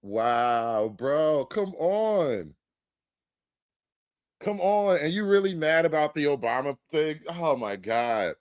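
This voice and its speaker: A man's voice: on the high side, sing-song, slow, no room sound. Sarcastic male livestream commentator. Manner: sarcastic, incredulous, loose and rambling. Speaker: streamer and commentator.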